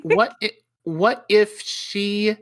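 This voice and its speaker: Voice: mid-range voice, extremely slow, no echo. A playful podcast co-host tossing new ideas into a casual game chat. The voice sits dry and close, with no room sound around it.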